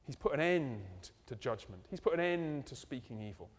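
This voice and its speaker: A man preaching a sermon, animated and full of rhetorical questions. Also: mid-range voice. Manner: animated, rhetorical questions, ending in slow hushed prayer. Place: church. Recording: church hall reverb.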